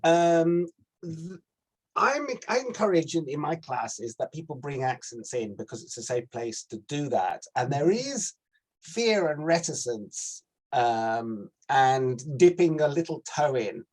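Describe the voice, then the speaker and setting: A man who teaches acting classes, asking a question in a hesitant, halting way with a husky voice. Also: fairly high pitch, big pitch swings. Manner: hesitant, halting, with many fillers. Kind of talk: asking a question on a group call.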